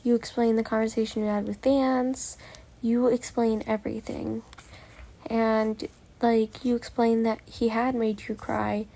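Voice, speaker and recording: A woman's voice: fairly high pitch, little pitch movement, unhurried, vocal fry, warm tone. Young woman rambling through casual narration. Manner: rambling, filler-heavy storytelling. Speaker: voice actor narrating her own script. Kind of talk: casual narration of a listener role-play.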